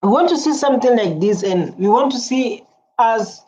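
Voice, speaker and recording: A woman's voice: fairly high pitch, expressive, moderate pace, darkish tone. Earnest woman reacting. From South Africa. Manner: earnest, repeats herself, hums along while listening. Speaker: reaction video host. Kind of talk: emotional reaction commentary. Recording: dull lo-fi audio with faint noise.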